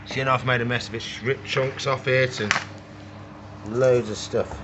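A man's voice: medium pitch, steady tone, moderate pace, lo-fi sound, noisy background. A young man keeping reptiles, chatting casually as he feeds them and coaxes and scolds them in a playful way. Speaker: reptile keeper feeding his animals. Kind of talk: casual vlog narration while working.

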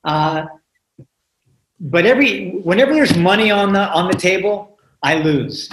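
A man's voice: sits high, expressive, unhurried, a bit bright. A man in his sixties, a guest actor, chatting casually in an interview and often repeating words as he thinks. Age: 60s. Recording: roomy echo.

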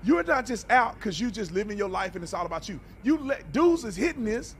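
A man with a slightly high voice gives casual reaction commentary, blunt and preachy, stumbling over repeated words. Faint ambient noise sits behind him. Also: very animated, a little fast. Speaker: reaction video host.

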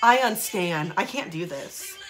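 Young woman, reaction vlog, gushing, swearing, lively pitch, bright tone. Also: unhurried. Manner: gushing, swears constantly, gasps and shrieks. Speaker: YouTuber reacting to a music video. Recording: music playing faintly behind.

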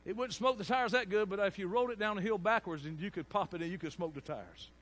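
A middle-aged man, preaching a sermon with storytelling and loud bursts. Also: high voice, fast.

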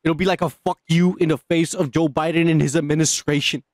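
A man's voice: a little high, fairly even intonation, a little fast, no room sound, studio quality. A man co-hosting a podcast, talking in crude, rowdy banter full of swearing and mock quotes. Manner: profane, rowdy, mock-quoting others. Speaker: podcast co-host.

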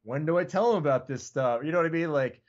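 A man's voice: on the high side, quick pace, dull audio. A man in casual podcast chat as a guest, talking loosely and profanely and leaning on "like" and "you know what I mean.".

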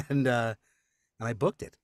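A man's voice: mid-range voice, measured pace, no echo, clean studio sound. A man, a voice actor, telling stories in a casual interview, acting out quotes and laughing often. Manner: animated storyteller, acts out quotes, laughs often. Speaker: voice actor guest.

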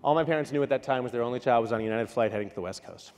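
A man from New York giving a conference keynote talk, telling stories with quick asides and acting out what people said. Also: mid-range voice. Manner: animated, storytelling with quick asides and acted-out quotes. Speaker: keynote speaker. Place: large hall. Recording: long hall reverb.

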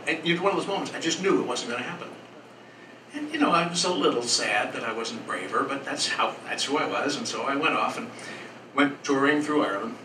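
Rambling male storyteller in a roomy café. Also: medium pitch. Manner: rambling, earnest, with small restarts. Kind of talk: live storytelling performance. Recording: roomy, distant, noisy live café.

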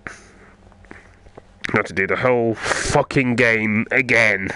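A man's voice: on the low side, steady tone, slow, long pauses, pushed and bright, slight background noise. A man playing a video game, ranting and swearing constantly in frustration. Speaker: gamer. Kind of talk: frustrated gaming commentary.

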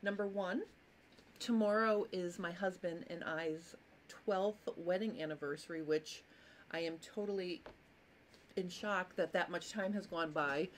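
A woman's voice: lowish voice, a little hiss or hum. A woman with hiccups hosting a casual live sewing lesson, chatty and apologetic, greeting viewers by name. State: has hiccups. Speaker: sewing teacher and live stream host.

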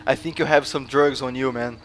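Playing a teasing mock cop during an in-game interrogation, this gaming channel host speaks with a Brazilian Portuguese accent. His mid-range voice is steady and brisk as he loudly repeats phrases and slips into Portuguese, over a little hiss or hum.

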